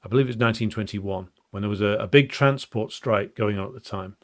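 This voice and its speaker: A political commentator talks fast in a fairly low voice, explaining political history off the cuff. He thinks aloud with frequent ums and restarts, and his delivery has a blunt, emphatic edge.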